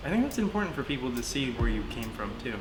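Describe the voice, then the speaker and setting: A vocal coach giving encouraging, hands-on instruction and quick corrections during a singing lesson. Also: medium pitch, sing-song, reverberant, music in the background. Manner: encouraging, demonstrates sounds, gives quick corrections.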